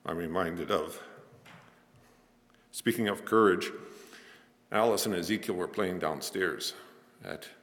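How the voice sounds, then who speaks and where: Deep-voiced older male preacher, reverberant hall. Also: slow pace, long pauses, fairly bright tone. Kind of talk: sermon.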